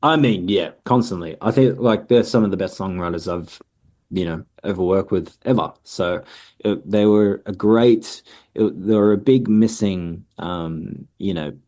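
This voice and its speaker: A relaxed man in his thirties talks through his answers in an easygoing way. His voice sits low and mellow, with frequent pauses and ums. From Australia. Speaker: musician guest. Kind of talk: casual interview answers.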